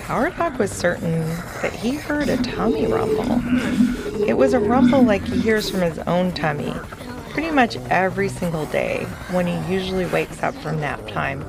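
A woman narrating a children's fantasy story in a playful, unhurried way. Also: fairly low pitch, expressive, vocal fry, a loud crowd.

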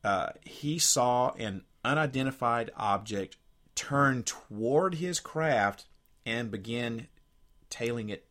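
A man's voice: mid-range voice, expressive, takes it slowly, a bit bright. A man co-hosting a radio podcast in casual chat, rambling a bit and reading quotes aloud from his notes. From United States. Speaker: podcast co-host.

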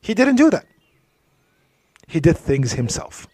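A man's voice: a little high, big pitch swings, measured pace, no echo. A man giving a religious talk, telling stories in a conversational way with frequent asides. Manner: storytelling, drops to soft asides, frequent "you know". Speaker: Islamic speaker.

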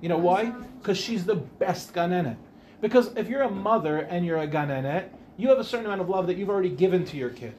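A man's voice: high voice, expressive, fast, a little mellow, slight background noise. A man, a rabbi, giving an informal Torah class, chatty and rambling, often breaking off to ask the audience questions. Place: Ramat Beit Shemesh.

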